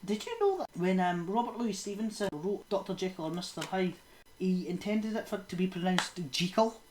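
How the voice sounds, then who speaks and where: A woman's voice: medium pitch, lively intonation, a little fast, a little mellow, slight background noise. A woman, co-hosting a podcast in loose, casual chat full of fillers. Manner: rambling, lots of fillers and trailing laughs. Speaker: podcast co-host. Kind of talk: casual chat about horror films.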